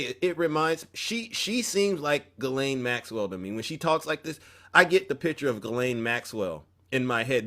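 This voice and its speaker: A man's voice: mid-range voice, fairly bright tone. A man hosting an opinion commentary show, talking emphatically in a preachy tone and often breaking off mid-sentence. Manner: emphatic, preachy, self-interrupting.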